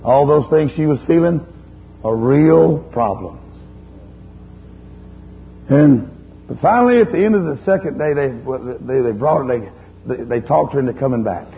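A man preaching a sermon, telling a story in a lively, folksy way and chiding his listeners. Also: mid-range voice, a little slow, gravelly, pauses often. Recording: dull lo-fi recording with faint hum.

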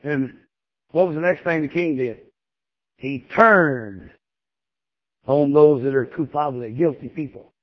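A man's voice: on the high side, measured pace, long pauses, no echo, highs cut off. A man preaches a sermon in a folksy, emphatic, repetitive way.

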